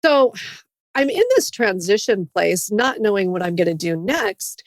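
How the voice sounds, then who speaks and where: Earnest middle-aged woman with gravelly voice. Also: mid-range voice, animated, a little slow, no room sound, studio quality. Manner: earnest, faith-based testimony. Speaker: podcast guest. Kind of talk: personal story in a podcast interview.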